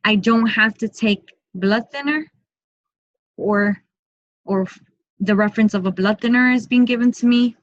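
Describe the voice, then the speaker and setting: A woman working as a medium, giving an online group reading in a soft, slow, repetitive way and often speaking in first person for the spirit. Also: a little high, no room sound, dull audio.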